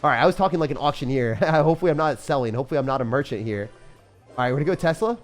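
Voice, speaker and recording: A man giving casual, excitable live commentary on his own gameplay, using slang and laughing often. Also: medium pitch, rapid-fire, faint music behind. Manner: excitable, swings from mutters to shouts. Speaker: gaming commentator.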